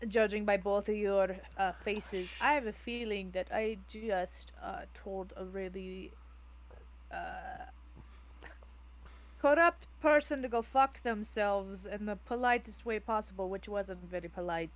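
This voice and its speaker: A woman's voice: medium pitch, a little slow, a little hiss or hum, poor audio. A woman playing a tabletop game, rambling and correcting herself, swearing casually as she talks. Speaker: player. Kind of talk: casual tabletop role-play.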